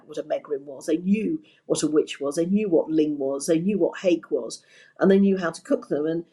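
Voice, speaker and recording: Low-pitched and dark in tone, this older woman from England speaks with a Kentish accent as a podcast guest, reminiscing about her career in meandering anecdotes and often restarting her sentences.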